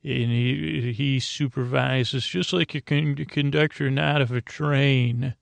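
A man hosting a podcast, telling a rambling bedtime story in a meandering, stumbling, deliberately dull way. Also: mid-range voice, fairly even intonation, creaky, dry recording. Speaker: podcast host.

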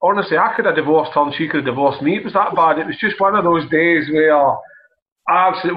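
Scottish guy in his 30s, laughs a lot, kinda muffled lo-fi sound, voice a bit high. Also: quick pace. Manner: chatty, laughs easily. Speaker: podcast co-host. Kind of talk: casual podcast chat. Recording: dull lo-fi remote line.

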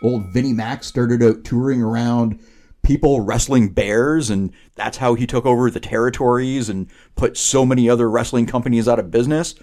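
A man's voice: medium pitch, fairly even intonation, normal speed, dark tone. A man co-hosting a podcast, riffing sarcastically in casual chat. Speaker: podcast co-host.

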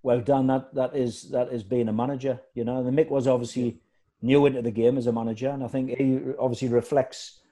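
This former footballer, here as a guest, has a mid-range voice and talks a little fast. In casual conversation he spins animated football anecdotes, imitating others and acting out how they shouted.

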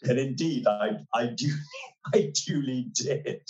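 A man in his sixties speaks as an interview guest, wry and articulate, pausing and restarting often. His voice sits at a middle pitch. The recording has a roomy echo. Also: a little mellow, muffled recording. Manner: articulate, wry storytelling with frequent hesitations. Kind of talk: relaxed conversational interview. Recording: roomy echoey sound.

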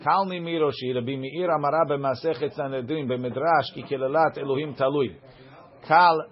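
A man's voice: mid-range voice, fairly quick. A man teaching a Talmud class, reading each phrase of the text and then explaining it line by line. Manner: reads Aramaic text then translates it line by line. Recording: dull lo-fi recording.

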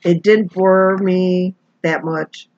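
A woman's voice: on the low side, fairly even intonation, slow pace, darkish tone, no room sound, muffled recording. A woman co-hosting a casual movie review podcast, with short, dry interjections. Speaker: podcast co-host.

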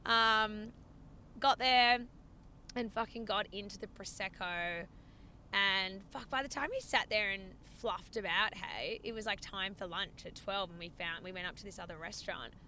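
Young woman co-host, animated and sweary, bright sharp tone, recorded in a car with faint road noise. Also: mid-range voice, moderate pace. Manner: animated, swears a lot, laughs often. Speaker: podcast co-host. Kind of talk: casual chat. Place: inside a car.

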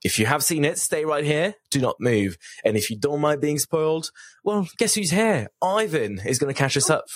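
A man's voice: on the high side, lively intonation, normal speed, no room sound, clean studio sound. A man hosting a casual podcast, playful and teasing with his co-hosts. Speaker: podcast host.

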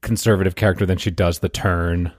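Deep-voiced man, halting casual chat. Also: steady tone, dry recording, studio quality. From Southern US, Louisiana. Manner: halting, restarts often, thoughtful. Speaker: podcast co-host.

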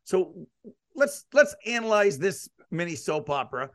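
A man's voice: high voice, very animated, a little slow, dry recording, clean studio sound. A man hosting a casual sports podcast, asking long, rambling, leading questions. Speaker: podcast and radio host.

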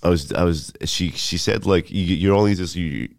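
A man, a comedian and podcaster, rambling in casual banter with halting starts and plenty of swearing. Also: deep voice, creaky, dry recording, clean studio sound.

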